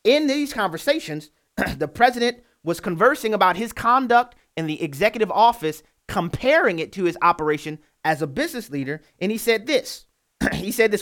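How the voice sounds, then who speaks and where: American guy hosting christian talk radio, rambly, pitch jumps all over. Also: very animated, fairly quick, a bit bright. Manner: loose, rambling delivery with restarts. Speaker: radio talk show host.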